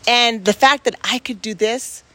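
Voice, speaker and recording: A woman's voice: fairly high pitch, normal speed, sharp tone. A woman in casual reflective talk, speaking earnestly and emphatically and restarting her sentences as she thinks aloud.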